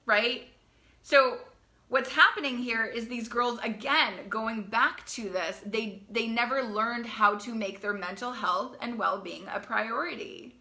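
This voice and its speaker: A young woman coaching teen girls, talking in a live video to parents in a fast, chatty way, often repeating herself and asking "right?". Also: on the high side, bright, forceful tone.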